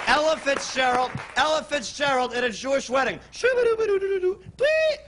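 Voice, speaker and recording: A man doing a rapid-fire club comic routine, brash and loud, punching each joke with a shouted catchphrase in cheesy old-school showman patter. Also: very high voice, crowd noise, background noise. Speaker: stand-up comedian guest. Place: TV studio stage before a live audience.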